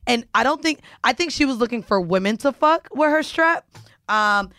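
A woman's voice: a little high, expressive, normal speed, pushed and bright, no room sound. A young adult woman co-hosting a podcast, blunt and crude as she chimes in during casual chat. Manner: blunt, chiming in, crude humor. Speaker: podcast co-host.

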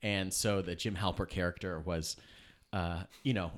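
Low-voiced man rambling in casual chat. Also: fairly even intonation, normal speed. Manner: rambling, full of "like" and "you know".

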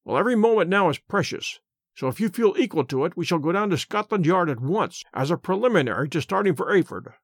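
A man reading the part of a calm, incisive detective, measured and quietly assured, slowing down on key points. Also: high-pitched, slightly rough, no echo, clean studio sound, exaggerated voice. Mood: explaining. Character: calm, incisive male detective, middle-aged. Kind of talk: audiobook character reading.

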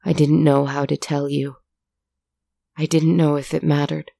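A stern, tearful scientist mother in a storybook, as a woman reader voices her. The tone is low and slow, with a gravelly, mellow grain. Her lines come pleading and firm by turns. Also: flat delivery, dry recording, exaggerated voice.

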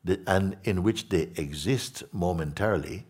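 Man, deep voice, husky, spiritual teacher, slow, soft-spoken, repetitive. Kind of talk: spiritual talk to listeners.

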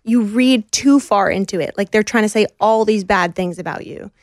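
An earnest young woman talks reflectively as an interview guest, her sentences padded with soft fillers. Her voice sits at a middle pitch and is recorded dry and close, with no room sound around it. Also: normal speed, no echo. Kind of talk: conversational interview.

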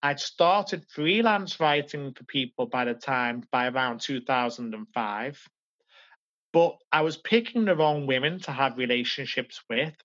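A man in his forties, a podcast guest, telling his life story in an earnest, reflective way with halting restarts. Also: a little high, fairly bright tone, lo-fi sound.

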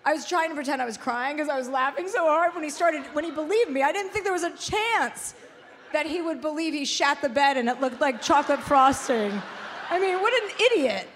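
A woman in casual chat telling a story with lively, laugh-filled delivery, acting out the people she quotes. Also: fairly quick, big-room sound. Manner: animated, acts out quotes with big pitch jumps and laughter. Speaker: guest.

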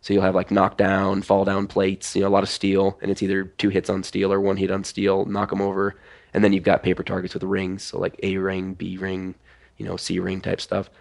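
Man, low voice, relaxed, casual chat, step-by-step explainer. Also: fairly quick, vocal fry. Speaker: guest, former competitive pistol shooter.

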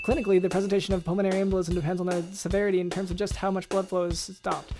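A co-host rapidly reading a medical lesson on a podcast, with frequent fillers. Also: mid-range voice, level tone, loud music behind the voice.

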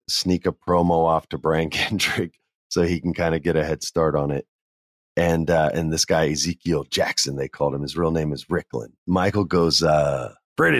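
A man casually telling a backstage story, animated and acting out the people he quotes. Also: a bass voice, dry recording. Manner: animated, acts out quoted voices. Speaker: podcast guest telling stories.

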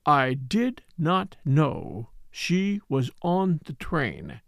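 Guy voicing a curt impatient gentleman, dry and clipped, gravelly voice. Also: fairly high pitch, sing-song, brisk, no echo. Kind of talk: audiobook character reading.

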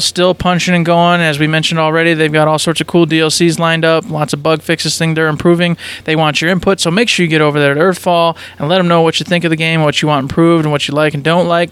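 A man's voice: on the high side, fairly bright tone, clear, resonant tone. Rambling man giving podcast news. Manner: rambling, laughs often. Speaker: podcast co-host. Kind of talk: casual news rundown and chat.

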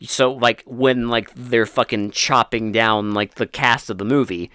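A man's voice: medium pitch, steady tone, measured pace, pushed and bright, clean tone, no room sound, studio quality. A man co-hosting a podcast, chatting casually about a horror film, swearing and using lots of filler words. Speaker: podcast co-host. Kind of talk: casual film review chat.

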